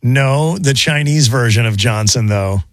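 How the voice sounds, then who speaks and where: A man's voice: medium pitch, unhurried, very noisy. A man co-hosting a radio show, talking in wry, bemused banter and steering the segment. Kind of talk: casual morning radio banter. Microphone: studio microphone.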